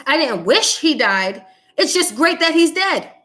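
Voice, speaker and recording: A young woman hosts her own show in a heated political monologue. Her voice sits high and bright, and she speaks bluntly, repeating lines for emphasis. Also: very animated, unhurried. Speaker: host of a commentary show. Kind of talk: angry political commentary monologue.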